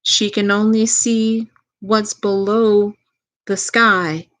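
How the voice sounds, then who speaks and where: A woman with a Southern US accent and a flat, medium-pitched delivery gives a live tarot reading as a medium. She moves at a gentle, unhurried pace, repeats her phrases, and laughs softly now and then.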